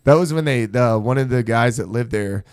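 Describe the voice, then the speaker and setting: A man's voice: medium pitch, moderate pace, smooth, no room sound, studio quality. A young man hosting a casual chat, telling wild stories with frequent laughter and plenty of swearing. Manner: animated storyteller, laughs often, swears freely. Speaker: host.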